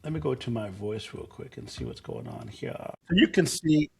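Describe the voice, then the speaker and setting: A man in an easygoing tutorial voice, mid-pitched and conversational. He explains steps in a loose, rambling way, often backing up to rephrase. It sounds like a laid-back lesson given while sharing his screen. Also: huge pitch swings, normal speed, creaky, husky. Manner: loose and conversational, with frequent fillers and restarts. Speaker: tutorial host. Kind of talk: casual screen-share tutorial.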